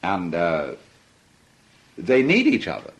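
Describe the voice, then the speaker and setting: Older male lecturer, animated intonation, conversational and amused. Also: low voice, slow pace, rough recording. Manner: conversational and amused, with frequent laughter. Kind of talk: philosophical lecture.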